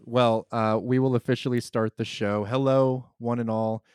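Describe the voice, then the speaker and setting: A man hosting a casual film podcast, joking and then introducing the guest in measured host patter. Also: mid-range voice, level tone, a little mellow, clean tone, dry recording, studio quality.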